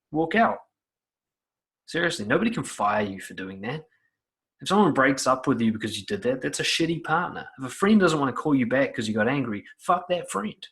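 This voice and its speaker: A man's voice: fairly high pitch, a bit bright. A man giving blunt, profane self-help advice straight to the viewer in an emphatic monologue.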